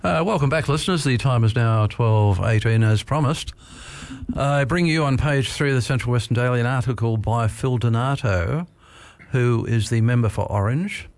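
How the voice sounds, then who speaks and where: A man's voice: mid-range voice, moderate pace, no echo. Hesitant radio presenter man. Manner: hesitant, with many "uh" and "um" fillers. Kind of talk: hosting a talking newspaper program.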